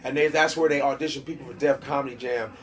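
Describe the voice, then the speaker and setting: A man, a stand-up comedian being interviewed, telling stories in an animated, profane style with street slang. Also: medium pitch, fast talker, slight background noise. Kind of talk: casual interview storytelling.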